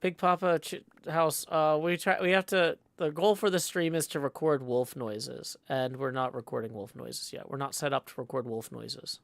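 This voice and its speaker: Male streamer host, live-stream chat, mid-pitched, rambling and playful, musing out loud between viewer messages. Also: steady tone, moderate pace, gravelly, few pauses, no echo. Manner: playful, rambling, thinks aloud; reads viewer messages aloud.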